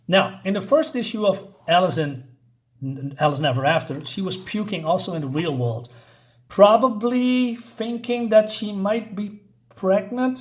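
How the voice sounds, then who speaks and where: Man casually reviewing a comic, lively pitch. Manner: halting, filler-heavy retelling.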